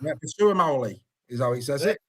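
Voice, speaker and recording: A man hosting a sports podcast in casual chat, lively and good-humoured as he stumbles over hard names. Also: mid-range voice, quick pace, breathy edge. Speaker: podcast host.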